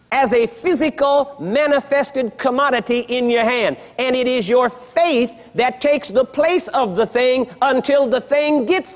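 A man preaching a sermon in a large church, teaching emphatically and firing repeated questions at the congregation. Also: extremely high pitch. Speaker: pastor. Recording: long reverb of a large hall.

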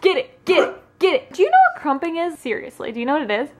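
Teasing young woman with a high voice. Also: animated, quick pace. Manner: teasing, giggly. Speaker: vlog co-host. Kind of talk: casual joking chat. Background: music.

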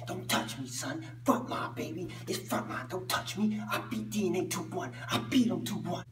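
A man's voice: sits high, moderate pace, over music, voice pushed up, close to an everyday voice. A man voicing an angry, boastful male zombie battle rapper who curses and insists he won. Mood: defiant. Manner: defiant, cursing, insists he won.

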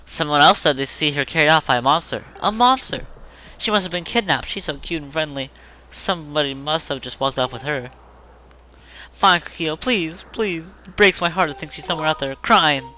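A frantic, melodramatic mother from a fantasy game pleads for someone to find her missing daughter, as a man puts her on. The voice sits a little high and sounds bright and forceful. Each line begs for help. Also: normal speed, a little hiss or hum. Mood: pleading.

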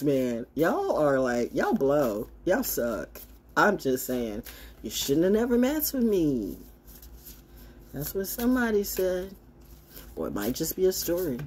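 A woman with a low, husky voice, talking to her camera in a casual, sassy monologue. Her pitch leaps about with lively swings, and she turns blunt and mocking by turns, speaking as a self-styled oracle.

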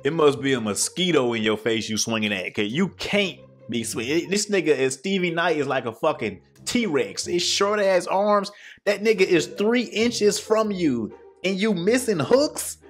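Male reaction host, high and very animated, profane mocking trash talk, hoarse from yelling. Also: normal speed, faint music behind. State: hoarse, losing his voice. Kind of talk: casual reaction commentary.

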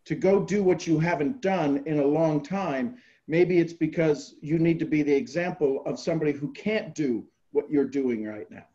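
A man's voice: on the high side, normal speed, few pauses, dark tone, dull audio. A man hosting a group call, giving earnest motivational coaching and repeating key phrases.

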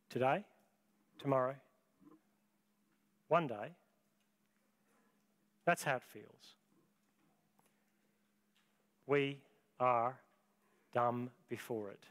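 A man, preaching a sermon as pastor, with dramatic, deliberate storytelling and long pauses. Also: medium pitch, a bit bright.

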